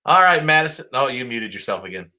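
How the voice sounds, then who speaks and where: Talking fast with big pitch swings, this middle-aged man, a high school band director, rambles upbeat praise for his seniors over a video call. His mid-range voice is pushed and bright, and he uses plenty of fillers.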